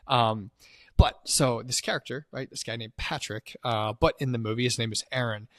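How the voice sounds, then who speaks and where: Man, podcast co-host, casual movie recap, swears a lot, mid-pitched voice, dry close sound. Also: normal speed, dry recording. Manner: swears often, acts out quotes loosely.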